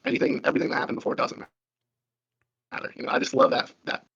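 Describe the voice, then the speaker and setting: A man calling in to a podcast, talking in an excited, rambling way with many fillers, heard over a muffled phone line. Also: fast. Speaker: caller. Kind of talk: casual chat. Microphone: phone call.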